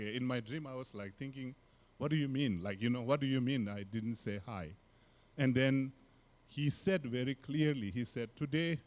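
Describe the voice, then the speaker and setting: A man with a Tibetan accent, a Buddhist teacher, telling a personal story in a relaxed, halting way with many fillers and soft laughs. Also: mid-range voice.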